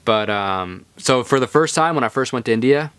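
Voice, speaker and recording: A young male podcast host tells stories in a rambling, relaxed monologue full of fillers. His mid-range voice is smooth and a bit bright, with lively intonation, a moderate pace, and no echo.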